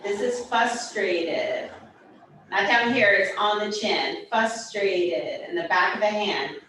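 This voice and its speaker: In a classroom that's also linked by video call, a mid-range-voiced woman demonstrates signs for her sign language students. She goes slowly, animated and joking as she explains; the sound is distant from the mic, echoey, with faint background noise.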